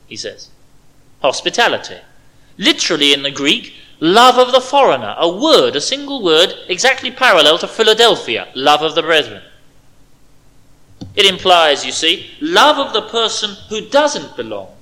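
A man preaching an expository sermon, stressing key words and dropping to quiet asides. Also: a little high, big pitch swings, normal speed, rough recording.

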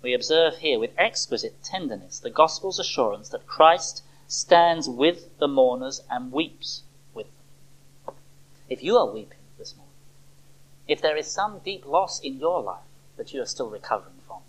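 Preacher, sermon, animated pitch, dramatic pauses, rhetorical questions, church service. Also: poor audio.

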